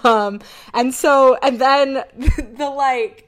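A woman's voice: high voice, fairly even intonation, very slow. Giggly young woman chatting on a podcast. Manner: giggly, lots of fillers, quotes characters playfully. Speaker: podcast co-host. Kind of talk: casual chat.

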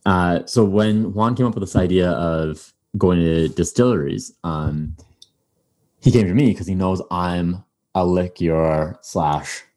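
A podcast host rambles through casual chat in a low, warm voice, speaking slowly. He uses many fillers and keeps restarting his sentences.

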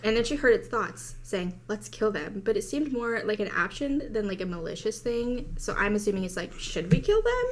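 A woman's voice: medium pitch, fairly quick, hardly any pauses. Chatty woman retelling a spooky story. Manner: retells a story with quoted voices and laughs. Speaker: podcast host. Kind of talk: casual storytelling chat.

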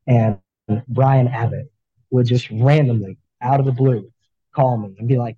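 A man, a firefighter, talking earnestly as a podcast guest, with halting restarts. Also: mid-range voice, slightly rough, dry recording, narrow, tinny audio. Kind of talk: candid interview talk.

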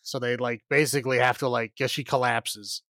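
A man's voice: mid-range voice, steady tone, a little fast, fairly bright tone, no echo, clean studio sound. Rambling, chuckling male podcast host. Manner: rambling, laughing recap with many fillers. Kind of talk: casual movie recap chat.

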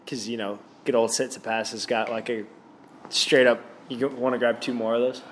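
A man's voice: mid-range voice, level tone, normal speed, slight background noise. A young man co-hosting a casual podcast, laid-back, laughing often and swearing. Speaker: podcast co-host. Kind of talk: casual chat.

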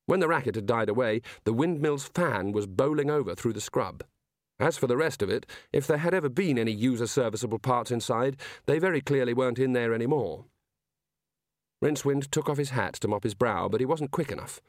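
A man reading a novel aloud as an audiobook narrator, in measured storytelling. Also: medium pitch, no echo, clean studio sound. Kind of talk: scripted narration.

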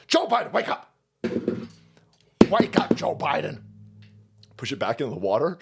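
A man hosting a livestream, delivering a loud, mocking, profanity-laden commentary rant. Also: mid-range voice, huge pitch swings, normal speed, creaky, pauses often, husky. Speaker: livestream host.

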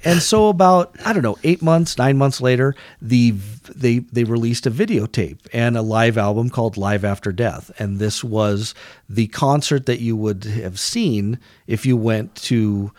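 A man's voice: mid-range voice, a little slow, darkish tone, no echo, studio quality. A middle-aged man from Denver, co-hosting a casual podcast, rambling through stories and acting out quotes. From Denver, USA. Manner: rambling storyteller, acts out quotes. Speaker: podcast co-host.

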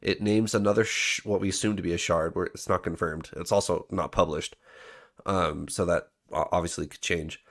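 A man hosting a podcast, explaining points in a relaxed, conversational way. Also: deep voice, moderate pace. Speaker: podcast host. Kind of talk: casual book discussion.

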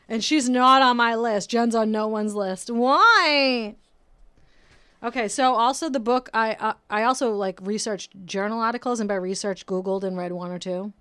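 A woman's voice: a little high, fairly even intonation, moderate pace, a bit bright, smooth, dry recording. A woman hosting a solo podcast, ranting casually, swearing often and mocking herself, talking close to the microphone. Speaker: podcast host. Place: home room, painters working outside.

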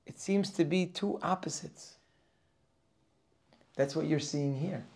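A man's voice: fairly high pitch, takes it slowly. A man teaching a Torah class for Rosh Hashanah, reading Hebrew verses and translating them line by line. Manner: reads Hebrew verses and translates each, rising and louder as he goes.

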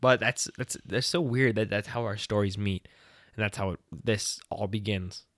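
A young man co-hosting a podcast, telling stories in a casual, animated way and laughing often. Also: lowish voice, moderate pace, no room sound, clean studio sound. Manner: animated storyteller, laughs often, acts out voices. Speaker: podcast co-host. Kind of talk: casual chat.

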